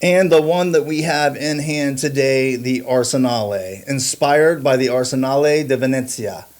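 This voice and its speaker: Guy, mid-pitch voice, earnest and measured, reads a scripted watch review. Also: a little mellow. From United States. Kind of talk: scripted product review narration.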